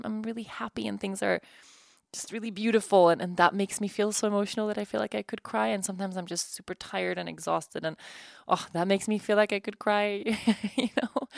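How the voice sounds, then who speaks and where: A woman's voice: mid-range voice, gravelly, dry recording, clean studio sound. A woman in her thirties hosting her own podcast from home, talking candidly and casually, laughing often and restarting her sentences. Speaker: podcast host. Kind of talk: casual solo podcast chat.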